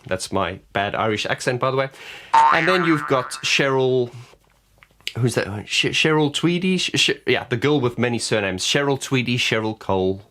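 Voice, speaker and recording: A man's voice: medium pitch, animated, moderate pace, bright, forceful tone. A man vlogging to camera, giving frank opinions in a blunt way and often restarting his words. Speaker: vlogger and vocal coach. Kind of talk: casual opinion rant to camera.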